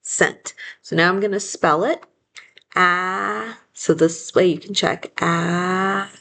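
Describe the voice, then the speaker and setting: A woman's voice: on the low side, moderate pace, fairly bright tone, a little hiss or hum. A woman teaching a phonics lesson, patiently sounding out words syllable by syllable and correcting herself with small apologies. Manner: self-correcting, apologetic asides. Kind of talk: phonics lesson, slow dictation.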